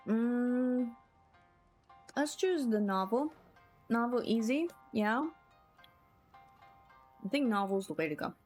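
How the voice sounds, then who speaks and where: A woman's voice: fairly high pitch, animated, takes it slowly, long pauses, darkish tone. A woman streaming a story game, chatting and giggling with her chat as she plays. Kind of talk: casual game commentary. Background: game music.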